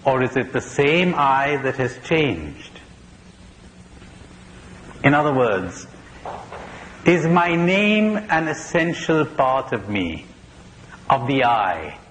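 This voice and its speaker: A man's voice: mid-range voice, sing-song, slow, pauses often, fairly bright tone. A priest giving a spiritual conference talk, asking probing questions and telling jokes he laughs at himself, on an old tape recording. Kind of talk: spiritual lecture to an audience. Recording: old conference tape in a reverberant hall with faint hiss.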